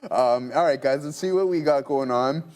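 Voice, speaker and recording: A man's voice: medium pitch, moderate pace, a little mellow, smooth. A man hosting a live trading stream, giving casual, upbeat commentary on charts and positions to viewers. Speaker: trading show host.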